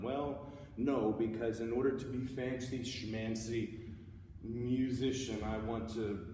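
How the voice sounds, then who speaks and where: A man's voice: fairly low pitch, background noise. A man giving a casual, upbeat music lesson, explaining how to play a passage. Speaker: music teacher. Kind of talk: instrument tutorial. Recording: echoey room from far off.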